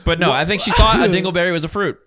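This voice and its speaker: A man co-hosting a podcast in casual chat, telling stories with lively acted-out quotes and teasing his partner. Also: sits high, very fast. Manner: animated storyteller, acts out quotes, teasing. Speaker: podcast co-host.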